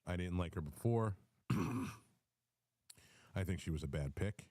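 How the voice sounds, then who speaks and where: Male host, low and mellow voice, rambling political rant with ums and restarts, hiccups, dry close sound. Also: unhurried, no echo. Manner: rambling, repeats words, frequent ums and restarts. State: has the hiccups. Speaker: host of a live audio space.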